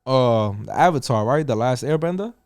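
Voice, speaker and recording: A man's voice: mid-range voice, lively intonation, normal speed, a little mellow, smooth, no room sound, studio quality. A middle-aged man with a New York accent, telling a story in casual podcast chat, swearing often and acting out the other voices. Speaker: podcast co-host.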